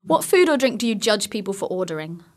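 A woman's voice: mid-range voice, sing-song, fast. Teasing woman podcast host. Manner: teasing, giggly questions. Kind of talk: casual interview chat.

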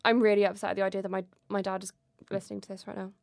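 Giggly woman, slight gravel. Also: medium pitch, flat delivery, rapid-fire, no echo. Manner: giggly, chatty, laughs through her facts. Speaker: podcast co-host presenting researched facts. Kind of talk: casual chat.

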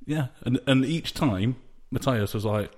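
A man's voice: mid-range voice, measured pace, breathy edge. A man co-hosting a podcast in casual chat, laid-back and teasing his co-host.

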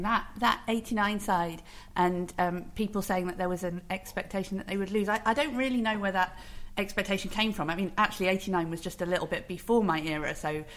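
A woman on a podcast panel, speaking quickly and thoughtfully as she works through figures. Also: mid-range voice, fairly bright tone. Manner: quick, thoughtful, citing stats. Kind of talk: casual chat.

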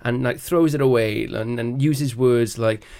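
A man co-hosting a podcast, speaking earnestly in conversation, with halting restarts. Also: mid-range voice, gravelly, darkish tone, smooth. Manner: earnest, halting restarts, acts out little anecdotes. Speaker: podcast co-host.

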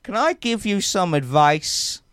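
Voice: mid-range voice, big pitch swings, unhurried, fairly bright tone, smooth, no room sound, studio quality. A performer improvising a brash woman who mocks a clumsy flirt with scornful put-downs, in a comedy improv game.

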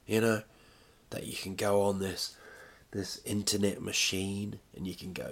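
A man's voice: on the low side, level tone, a little slow, creaky, a bit bright. A man rambling in casual, self-mocking chat as a podcast host, talking from home while recovering from illness.

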